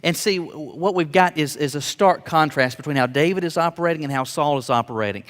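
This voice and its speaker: A man's voice: fairly high pitch, fairly quick, fairly bright tone. A man preaching a sermon earnestly, with emphatic rising peaks and small stammered restarts. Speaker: pastor. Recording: long hall reverb.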